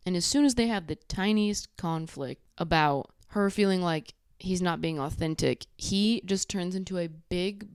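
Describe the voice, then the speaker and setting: A woman's voice: on the low side, normal speed, hardly any pauses, clean tone, dry recording, clean studio sound. A woman hosting her own channel, giving a blunt, profane, sassy recap of a reality show. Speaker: YouTube recap host.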